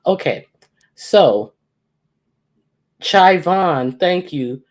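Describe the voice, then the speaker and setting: Low-voiced woman hosting a chatty livestream. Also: animated, extremely slow. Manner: reads out viewer names with playful teasing. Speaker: livestream host. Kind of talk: casual livestream chat, greeting viewers. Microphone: computer or phone mic with echo.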